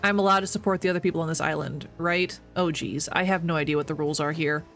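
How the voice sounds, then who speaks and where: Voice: medium pitch, fairly even intonation, quick pace, fairly bright tone, faint music behind. A streamer who reads a dating game aloud, joking and laughing while commenting on the story.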